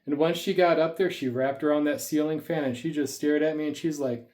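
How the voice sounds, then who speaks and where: A man's voice: fairly high pitch, fairly even intonation, brisk, few pauses, darkish tone. A man telling stories in a casual vlog, a bit winded after the gym, rambling and chatty, recorded indoors at home on a camera on a tripod. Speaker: snake keeper vlogger.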